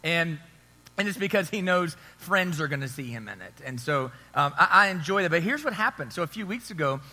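A man's voice: a little high, big pitch swings, a little fast, bright, forceful tone. A man in his thirties preaching a sermon, telling a story in a conversational way and asking the crowd for agreement. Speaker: pastor. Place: church hall. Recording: long hall reverb.

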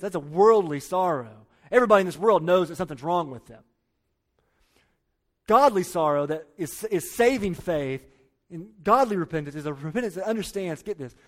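Emphatic man preaching a sermon. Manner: emphatic, repeats key phrases, drops to low quiet lines. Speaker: pastor.

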